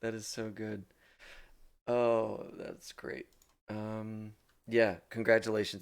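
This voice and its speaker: Gravelly low-voiced man, effusive. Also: little pitch movement, slow pace. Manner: effusive, chatty, laughs often. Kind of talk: casual chat on a charity stream.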